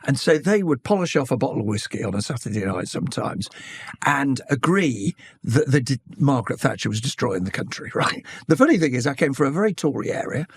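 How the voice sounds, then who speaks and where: Gravelly British man recalling his past. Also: mid-range voice, sing-song, dry recording. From Britain. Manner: candid, anecdotal, measured. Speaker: interview guest, broadcaster. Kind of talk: reflective conversational storytelling.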